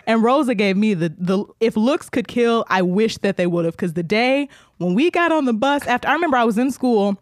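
A woman podcast co-host chatting casually, telling animated stories, acting out the voices of the people she quotes and laughing often. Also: a little high, fast talker, no echo, clean studio sound. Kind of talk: casual chat.

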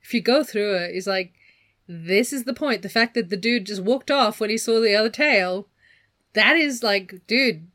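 Woman, podcast co-host, loose talky book chat, mid-range voice, lively. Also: mid-range voice, moderate pace. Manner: chatty, animated, laughs often, slips into put-on accents. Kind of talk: casual book discussion.

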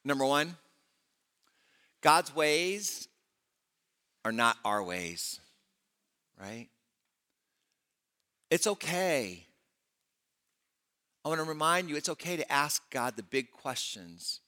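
A man preaching a sermon to a congregation, animated and conversational, acting out scripture dialogues. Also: a little high, slow pace, pauses often, smooth, in a large hall. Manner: animated preaching, voicing prophet and God in dialogue. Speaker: pastor.

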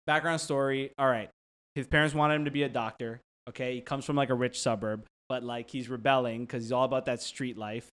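Young guy rambling in a casual chat, lots of "like", mid pitch, jumps into little impressions. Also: clear, resonant tone. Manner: rambling, heavy use of "like" fillers; animated, drops into quick voice impressions.

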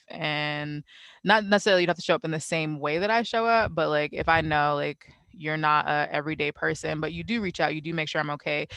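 A woman in a casual chat, thoughtful and measured, pausing with fillers as she thinks. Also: sits low, pushed and bright, no room sound, low-quality recording.

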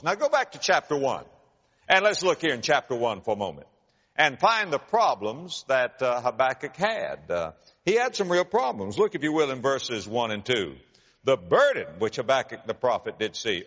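A man preaching a sermon. He builds to loud, high cries when quoting prayers and repeats key phrases slowly for emphasis. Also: wildly swooping pitch, in a large hall, muffled recording. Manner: preaching with dramatic rises in pitch and volume on quoted cries. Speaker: pastor.

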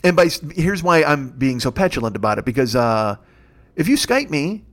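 A man's voice: mid-range voice, sing-song, moderate pace. A man in his fifties, a podcast host telling a rambling, profane comic story and acting out the people in it. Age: 50s. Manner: acts out quoted voices. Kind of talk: solo comedic storytelling.

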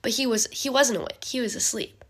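A young woman giving a casual bible study talk, chatty and full of fillers, often clearing her throat. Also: on the high side, a little fast, a bit bright.

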